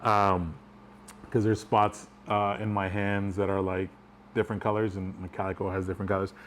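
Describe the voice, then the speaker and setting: A man's voice: fairly low pitch, level tone, moderate pace, fairly bright tone, a little hiss or hum. A man telling a personal story in a casual, rambling way, chuckling as he goes. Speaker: vlogger.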